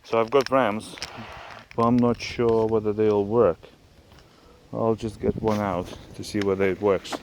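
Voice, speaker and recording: A man's voice: fairly low pitch, little pitch movement, measured pace, a little hiss or hum. A man filming a casual do-it-yourself car repair video outdoors, talking in a rambling, jokey way and correcting himself as he goes. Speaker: DIY car vlogger. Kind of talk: casual how-to vlog. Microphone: camera on a tripod.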